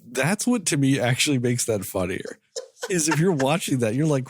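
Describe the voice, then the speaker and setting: A man's voice: mid-range voice, moderate pace, husky, dry recording, studio quality. A man co-hosting a movie podcast, riffing and swearing in casual late-night chat, sounding tired. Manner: animated, profane, riffing. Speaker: podcast co-host.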